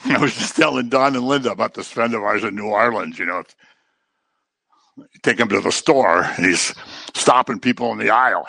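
A man preaching a sermon in a conversational way, with joking asides and animated delivery. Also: on the low side, normal speed, creaky, dry recording.

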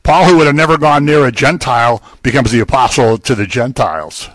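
A man's voice: medium pitch, a little fast, a bit bright, no echo. Older male preacher, conversational, jokes between points, dry close sound. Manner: conversational, joking asides. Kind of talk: sermon.

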